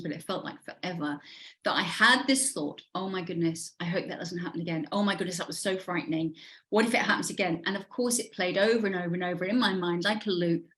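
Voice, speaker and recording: A middle-aged woman, a guest coach, speaks in a thoughtful and hesitant way. Her pitch is middle. She pauses often with fillers as she shares her views. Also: fairly bright tone. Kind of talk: conversational interview.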